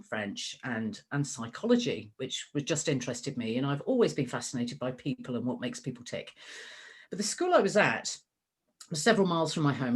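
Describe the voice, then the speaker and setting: A woman's voice: deep voice, breathy edge. A middle-aged woman talking in an interview as the guest, chatty and full of fillers and restarts. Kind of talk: conversational interview.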